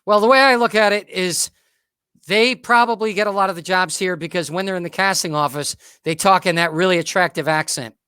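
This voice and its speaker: A man hosting a talk show in casual chat, upbeat and quick to laugh. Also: high-pitched, sharp tone, clear, resonant tone, dry recording, studio quality. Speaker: host.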